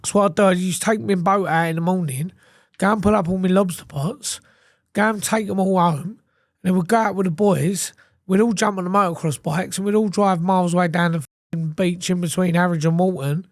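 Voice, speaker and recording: A man's voice: high-pitched, steady tone, a little fast, no echo, clean studio sound. A man, a podcast guest telling his story in a blunt, sweary, casual way and acting out other people's lines. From England.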